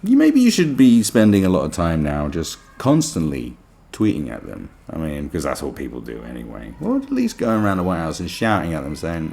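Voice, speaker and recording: A man's voice: extremely low pitch, huge pitch swings, fairly quick, creaky, darkish tone. A man hosting a podcast, delivering a sarcastic, profane political rant full of mockery. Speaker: podcast host. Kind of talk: ranting political monologue.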